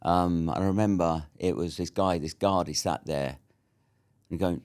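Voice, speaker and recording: A man's voice: deep voice, normal speed, a little mellow. A British man in his fifties telling a war story as an interview guest, blunt and swearing freely. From Britain.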